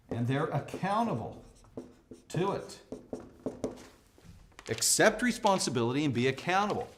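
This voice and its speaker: A middle-aged American man teaching a leadership lesson at a whiteboard, talking emphatically and acting out quoted voices. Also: fairly high pitch. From United States. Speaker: leadership trainer.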